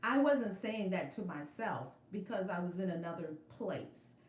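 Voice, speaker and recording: A middle-aged woman telling a story on a casual livestream from a room at home, animated and emphatic, repeating her phrases. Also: lowish voice, normal speed, echoey room. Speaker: spiritual vlogger. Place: home room with altar and shelves. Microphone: phone camera.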